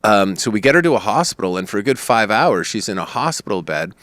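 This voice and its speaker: A low-pitched man tells a long story as a podcast guest. He rambles and acts out what others said, and the recording is dry and close. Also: fast, dry recording. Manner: rambling, animated storyteller who quotes others. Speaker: comedian guest.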